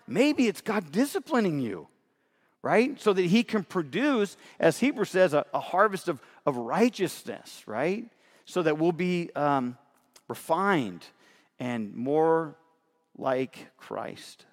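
Pastor, male, middle-aged: earnest, emphatic sermon delivery with a slightly high voice and long hall reverb. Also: very animated, slow pace. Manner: earnest, emphatic, often checks in with "right?".

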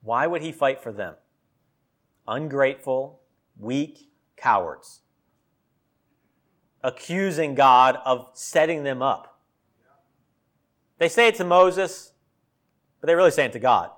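A man's voice: medium pitch, lively intonation, takes it slowly, long pauses, fairly bright tone. A man preaching a sermon in a conversational way, acting out quotes with a sarcastic tone. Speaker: pastor.

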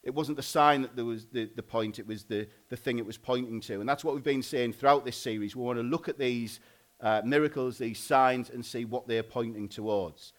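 A married man preaching a sermon in a loose, conversational way, often pausing and restarting. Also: medium pitch. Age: adult, married. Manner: informal, conversational, frequent "like" and restarts.

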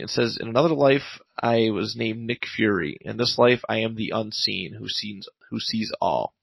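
A man with a gravelly, fry-edged voice talks through a comic plot in a loose, rambling way, stopping often on ums and uhs. He sounds close and dry, with no room around him. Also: on the low side, no room sound, low-quality recording. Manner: rambling recap full of fillers, paraphrasing lines. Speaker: podcast co-host reviewing comics. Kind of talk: casual chat recapping a comic.

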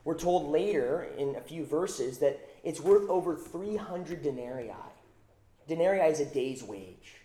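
A man's voice: a little high, animated, a little slow, warm tone, roomy sound. A man preaching a sermon, emphatic, repeating phrases for stress. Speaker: pastor.

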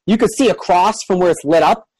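A game master describing a fantasy scene for players, full of pauses and restarts. The sound is dry and close. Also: mid-range voice, darkish tone, husky, no echo. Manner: hesitant, many fillers and restarts. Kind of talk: narrating a tabletop game.

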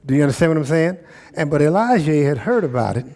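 Pastor guy preaching, slightly high voice, keeps repeating himself and asking if you follow. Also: animated, fast talker, darkish tone. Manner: emphatic preaching with repeated phrases and check-ins. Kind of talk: sermon.

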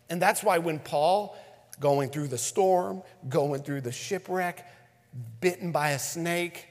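A man's voice: a little high, slow pace. Preaching man in a reverberant hall. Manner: swings between emphatic preaching and hushed near-whispers; repeats words for emphasis. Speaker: pastor. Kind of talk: sermon.

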